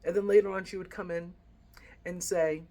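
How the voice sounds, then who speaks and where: A middle-aged woman vlogger shares a personal family story with her channel, earnest and reflective, in a lowish, steady voice at a moderate pace. Quiet emotion runs through this heartfelt vlog as she lingers on the feelings behind her words.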